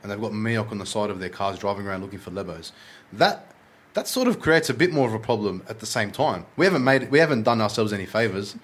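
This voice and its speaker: A man with an Australian accent telling animated stories in a casual chat and swearing freely. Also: lowish voice, fast, hardly any pauses, husky.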